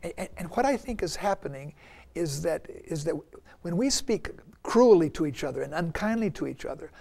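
An older man speaks as a guest minister in a relaxed faith discussion. His voice is gravelly and sits a little high for a man. He talks earnestly and warmly engaged with his co-host. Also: normal speed. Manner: earnest, acts out quoted people in lively bursts. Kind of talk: casual spiritual discussion.

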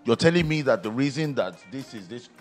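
A man's voice: mid-range voice, lively intonation, brisk, faint music behind. A man with a Nigerian accent, a guest co-host in casual podcast chat, ranting emphatically and animatedly.

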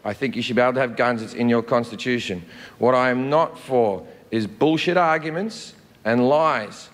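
A man's voice: medium pitch, moderate pace. An Australian man performing a stand-up comedy set, sardonic and profane, with punchy delivery. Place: large theater stage, played on a reaction video. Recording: echoey hall with loud noise.

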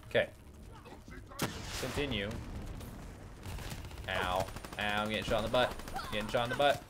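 A gaming YouTuber plays through a let's play, swearing, complaining and yelling at the game in profane exasperation. His mid-range voice moves at normal speed with long pauses, over background noise.

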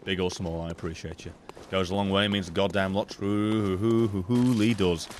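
A young man streaming live gameplay, swearing constantly, thanking donors and breaking into loud shouts. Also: low voice, level tone, normal speed, a little hiss or hum. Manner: thanks chat donors between fights.

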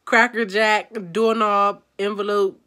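A woman's voice: mid-range voice, flat delivery, slow pace, bright, forceful tone. Chatty young woman from D.C. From Washington, D.C. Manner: chatty, upbeat, reads word lists aloud. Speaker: vlogger. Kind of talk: casual chat.

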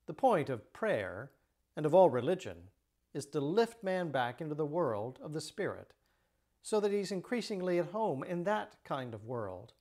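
A middle-aged priest giving a measured, explanatory lecture on Christian teaching. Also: male voice, on the high side, very animated, darkish tone.

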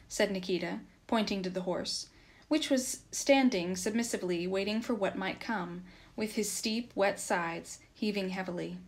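A woman reading a translated classic story aloud in steady, measured audiobook narration. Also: mid-range voice. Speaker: reader.

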